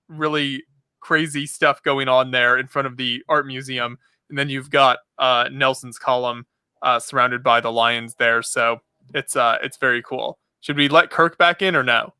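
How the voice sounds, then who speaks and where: A man's voice: mid-range voice, steady tone, unhurried, pushed and bright, clean tone, no room sound, clean studio sound. A man hosting a casual live stream chat, rambling with lots of fillers and frequent laughter over a remote call mic. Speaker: podcast host.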